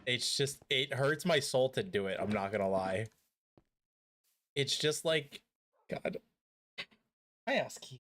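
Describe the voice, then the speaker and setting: A man's voice: medium pitch, lively intonation, slow, long pauses, fairly bright tone, slight background noise. Give me a young guy live-streaming a game, loose and jokey. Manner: joking, rambling, swears casually. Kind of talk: casual live-stream chat.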